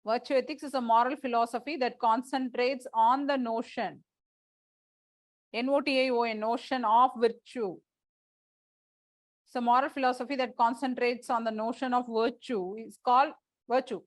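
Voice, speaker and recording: A woman's voice: fairly high pitch, fairly even intonation, normal speed, long pauses, no echo. A woman teacher, dictating lecture notes to a class, repeating phrases and spelling out words letter by letter.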